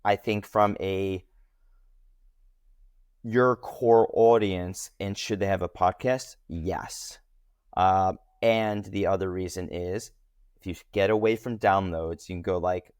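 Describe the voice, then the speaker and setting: A man speaking as a podcast guest in a casual interview, talking animatedly with lively jumps in pitch. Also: slow pace, clean tone, no room sound, clean studio sound.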